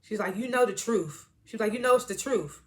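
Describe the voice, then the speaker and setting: A woman's voice: mid-range voice, brisk, fairly bright tone. A woman giving a casual episode recap, retelling scenes by quoting the characters in slangy talk and laughing often. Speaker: TV episode reviewer.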